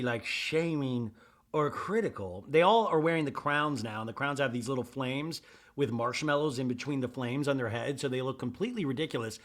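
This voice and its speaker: A man hosting a comedic podcast, recapping a reality show and slipping into voices of the cast. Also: on the high side. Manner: animated, switches into voices of the cast. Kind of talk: comedic recap with quick impressions.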